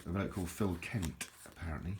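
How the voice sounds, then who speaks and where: A man's voice: deep voice, fairly quick, heavy background noise. A man, rambling chattily and self-mockingly as he shows a book and talks about it. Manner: rambling, chatty, self-deprecating, many restarts and fillers. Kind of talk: casual rambling book show-and-tell.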